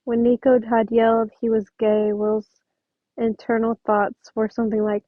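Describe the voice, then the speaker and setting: A woman's voice: a little high, flat delivery, normal speed, dry recording, phone-quality sound. A woman reading fan fiction aloud at home, chatty and prone to apologetic asides. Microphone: home microphone.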